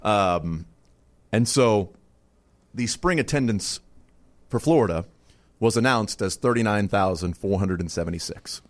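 A man hosting a sports radio show, chatting in a relaxed, rambling way. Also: lowish voice. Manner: relaxed, rambling, laughs often. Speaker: radio sports talk host. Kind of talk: casual radio banter.

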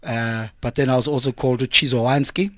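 A South African man, a comedian guest in a radio studio, telling jokes in a deadpan storytelling way. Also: medium pitch, a little fast, no echo. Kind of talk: joking radio interview chat. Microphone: studio microphone.

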